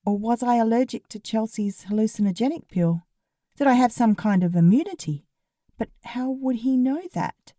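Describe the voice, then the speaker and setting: A woman's voice: on the high side, expressive, normal speed, warm tone, no room sound. Woman reading a funny novel as the main character, wry and sarcastic, dry close sound. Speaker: audiobook narrator. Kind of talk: first-person comic novel narration.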